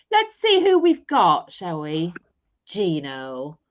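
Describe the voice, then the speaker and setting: A woman's voice: fairly low pitch, wildly swooping pitch, drawn-out words, lo-fi sound. A married woman co-hosting a live stream from a caravan, chatting casually with giggles and playful teasing. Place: caravan in mid Wales, rain outside.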